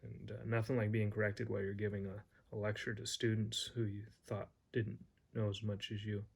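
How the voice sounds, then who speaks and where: Guy with a low flat voice teaching, rambly, lots of ums and restarts. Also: fairly quick, creaky, husky. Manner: rambling, hesitant, many fillers and restarts. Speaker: Greek teacher. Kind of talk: casual spoken lesson.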